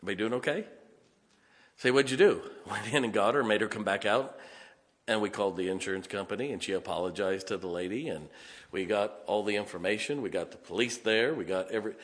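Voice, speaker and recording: A man's voice: fairly low pitch, fast talker, fairly bright tone. Middle-aged man preaching in an echoey hall. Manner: folksy storyteller, laughs often. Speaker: pastor. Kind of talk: sermon with personal stories. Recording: reverberant hall.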